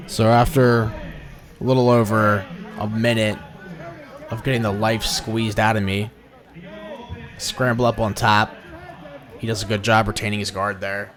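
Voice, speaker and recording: A young man giving casual, slangy voice-over commentary on his own footage as a vlogger. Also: fairly low pitch. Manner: laid-back slangy, dude-and-bro talk.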